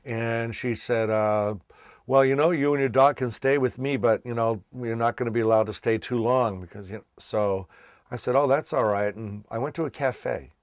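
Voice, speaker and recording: A man's voice: mid-range voice, normal speed, smooth, no room sound, studio quality. A man from Massachusetts, a children's entertainer, casually telling his life story and acting out the voices of people he met. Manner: animated, acts out quoted voices.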